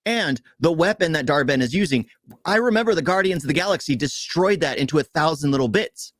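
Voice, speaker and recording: A man ranting about a film in a casual podcast chat, with a slightly higher voice. He sounds exasperated and animated, and his voice is recorded close and dry, with no room sound. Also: no echo. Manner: animated, exasperated, rapid complaining. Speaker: podcast co-host. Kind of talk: casual movie review rant.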